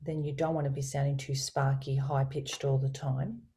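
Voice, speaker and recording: A woman voice coach speaking as a guest on a video call, explaining communication in an expressive, teacherly way. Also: very deep voice, normal speed. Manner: expressive, teacherly, varies her inflection. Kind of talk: explanatory interview talk with spoken tone demonstrations.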